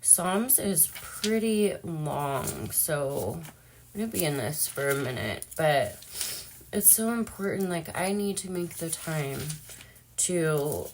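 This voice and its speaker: A woman's voice: low voice, expressive, takes it slowly, darkish tone, a little hiss or hum. A young woman talking casually and emotionally in a personal vlog, chatty and full of fillers. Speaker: vlogger.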